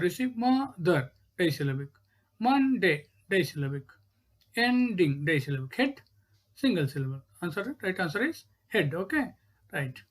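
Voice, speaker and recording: A woman's voice: lowish voice, husky. A woman with an Indian English accent teaching a grammar lesson, saying each word over and checking in with "right?" and "okay".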